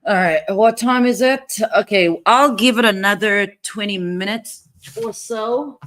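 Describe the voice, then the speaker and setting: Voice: mid-range voice, measured pace, a bit bright. Brief: casual streamer reacting live, loose and conversational, speaks straight to viewers. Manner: chatty, rambling, talks to viewers. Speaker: livestream commentator.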